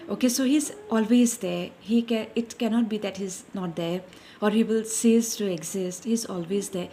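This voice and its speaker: A Christian speaker with a warm, mid-range voice gives an informal devotional message at a moderate pace over a little hiss or hum. Earnest and repetitive, she often calls listeners her dear friends, searching for words and correcting herself as she goes.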